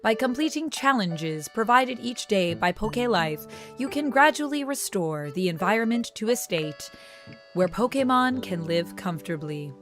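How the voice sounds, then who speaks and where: A talking computer in a video game announces its system messages in a flat, officious tone, as a woman reads it out. The delivery stays steady and even, like an automated system reading a status report. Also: medium pitch, measured pace, faint music behind. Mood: announcing.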